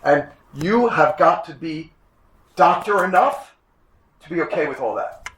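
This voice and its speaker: A man in his sixties, a chiropractic instructor giving a classroom lecture, emphatic, repeating his points and often clearing his throat. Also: a little high, animated, measured pace, a bit bright. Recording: echoey room.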